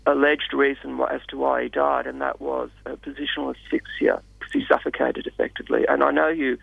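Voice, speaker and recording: Guy with a rough gravelly voice, halting radio interview, dry muffled sound. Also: mid-range voice, flat delivery, no echo. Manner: measured, hesitant with many fillers. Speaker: radio guest.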